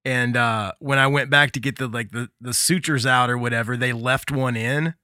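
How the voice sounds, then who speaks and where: A man's voice: medium pitch, fairly even intonation, moderate pace, bright, forceful tone, clear, resonant tone, dry recording, studio quality. A man hosting a casual podcast chat, telling stories in a laid-back way and laughing often. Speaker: podcast host.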